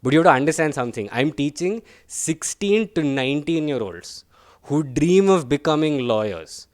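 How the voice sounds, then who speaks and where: A man's voice: a little high, animated, normal speed, no room sound, clean studio sound. A young man doing a chatty, self-deprecating stand-up set, tagging his lines with "right?" and "guys.". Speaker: stand-up comedian.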